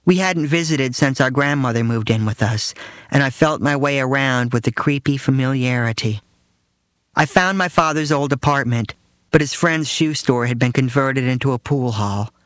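A man reads his first-person memoir in a dry, matter-of-fact way, at an even middle pitch. He is close to the mic in a dead, echo-free studio. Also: moderate pace. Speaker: narrator reading his own memoir.

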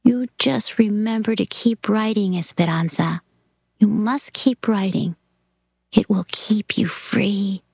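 A woman's voice: medium pitch, takes it slowly, gravelly, darkish tone, breathy edge, dry recording, heavily acted. A woman voicing a sick, blind, bedridden aunt who speaks in a tired, weak voice. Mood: gently encouraging.

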